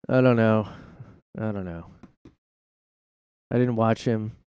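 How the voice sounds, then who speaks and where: A man's voice: on the low side, takes it slowly, a little mellow, clean tone, dry recording. A man hosting his own show from his room, ranting casually in a rambling, sarcastic way with plenty of swearing. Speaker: podcast host. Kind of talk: casual solo commentary rant.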